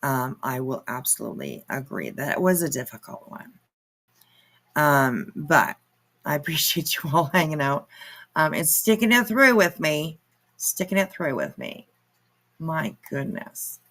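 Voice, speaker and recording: A woman's voice: low voice, very animated, a little slow, a bit bright. A woman hosting her own commentary channel, reacting to clips in a sarcastic, mocking way and swearing freely.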